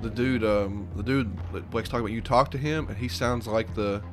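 Rambling low-voiced man, casual podcast chat. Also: brisk, music in the background. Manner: rambling, hesitant, filler-heavy. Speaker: podcast co-host.

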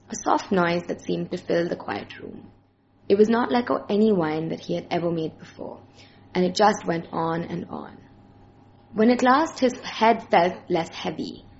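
A woman narrating a short story in a plain, steady way as its reader. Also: fairly low pitch, vocal fry, lo-fi sound, slight background noise. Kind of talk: scripted narration.

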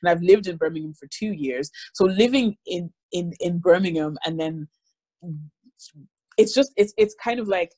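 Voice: medium pitch, normal speed, darkish tone, no room sound. Rambling young speaker with a mixed accent. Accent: mixed Irish and British. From Ireland. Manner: rambling, self-correcting. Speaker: interviewer. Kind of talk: casual conversation.

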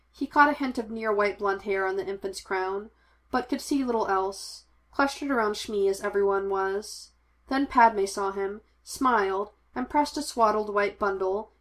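A woman narrating a fan fiction audiobook. Her reading is measured and expressive. Her voice sits at a middle pitch.

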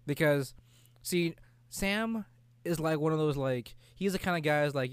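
A young man in casual, profane chat about a video game, rambling and breaking into quick character voices. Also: a little high, smooth, no room sound.

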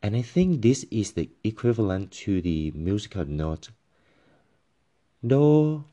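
A male language teacher patiently explaining tones, halting with frequent fillers and demonstrating each tone by voicing syllables and musical notes. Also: on the low side, animated, mellow. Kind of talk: tone pronunciation lesson.

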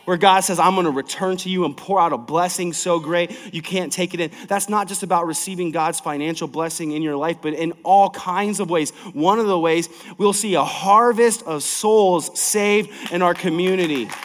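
A man preaching a sermon as pastor of a large church, emphatic and energetic, swinging from loud to soft. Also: high-pitched, normal speed, few pauses, long reverb tail.

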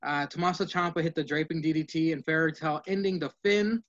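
Man, fairly high voice, rapid play-by-play recap, casual swearing, dull lo-fi sound. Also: a bit bright. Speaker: podcast co-host. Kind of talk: casual wrestling recap from notes.

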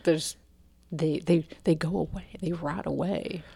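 A woman's voice: low voice, steady tone, measured pace, gravelly, warm tone, slightly rough, dry recording. A woman co-hosting a casual true-crime podcast, reacting with amused, dry remarks. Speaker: podcast co-host.

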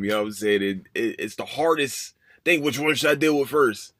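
A man's voice: medium pitch, brisk, few pauses, fairly bright tone, no echo, clean studio sound. A man, hosting a podcast and telling a personal story in an emotional, rambling way that repeats itself. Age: 30s. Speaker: podcast host. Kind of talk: casual personal monologue.

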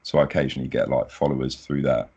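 Young man, booming deep voice, relaxed modest guest, dull lo-fi audio. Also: quick pace, breathy edge. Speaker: podcast guest. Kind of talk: casual chat.

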